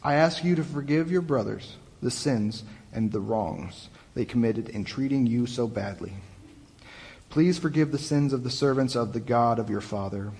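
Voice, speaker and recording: A man's voice: medium pitch, normal speed. A young man, a youth pastor, preaching a conversational sermon that retells the story in his own casual words. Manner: conversational, animated retelling with restarts. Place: church hall. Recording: long hall reverb.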